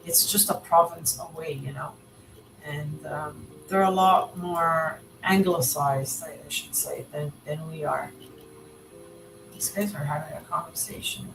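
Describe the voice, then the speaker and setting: A woman's voice: low-pitched, fairly even intonation, unhurried, gravelly, noisy background. A Canadian woman hosting a livestream, chatting casually with a guest and reading viewer comments aloud. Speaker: livestream host. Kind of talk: casual chat.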